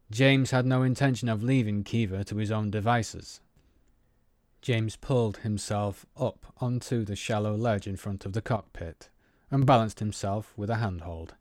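A man narrating a story in a measured, scripted reading. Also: fairly low pitch, a little mellow, no room sound, clean studio sound. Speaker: audiobook narrator.

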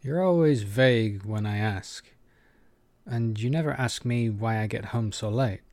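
A man's voice: lowish voice, a little slow, a little mellow, no echo. A man voicing a wry, direct young male student who boxes.

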